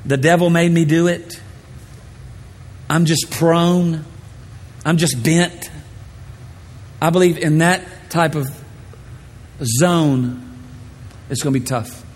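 Animated high-voiced preacher in a reverberant hall. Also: male voice, slow pace, pauses often. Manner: animated, playful storytelling with shouted impressions. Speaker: pastor. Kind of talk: sermon.

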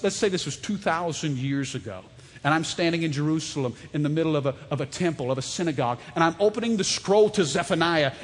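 A man in his thirties preaches in a church, his fairly high voice ringing out. He tells stories with animation and keeps calling on the congregation to answer back. A long reverb trails behind him in the sanctuary. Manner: animated, storytelling, calls for audience response. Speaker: pastor. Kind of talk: sermon.

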